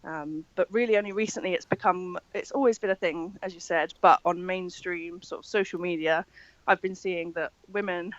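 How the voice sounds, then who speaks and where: A woman's voice: on the low side, fairly even intonation, normal speed, no echo, muffled recording. A woman and drag performer answering interview questions, upbeat and giggly with polished diction.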